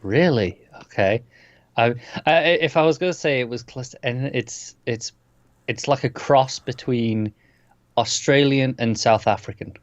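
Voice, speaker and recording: A man's voice: mid-range voice, unhurried, no echo. Laid-back man, dull dry audio. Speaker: podcast co-host. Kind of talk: casual movie discussion. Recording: slightly dull, dry sound.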